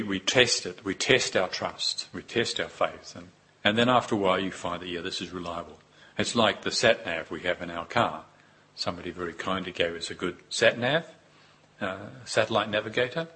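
A man giving a Buddhist dharma talk, unhurried and reflective, with pauses and repeated phrases. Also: low voice, sharp tone, husky. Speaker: Buddhist teacher.

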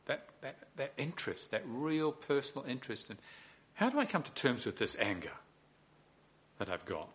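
A man teaching meditation at a retreat, giving a dharma talk with gentle humor and acted-out inner voices. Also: medium pitch, big pitch swings, normal speed.

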